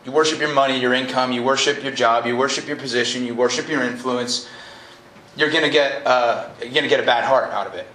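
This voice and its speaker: A man preaching a lively, casual sermon to a college group, joking and then rising to emphatic peaks. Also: medium pitch. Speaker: pastor. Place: college event hall. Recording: live room echo, faint noise.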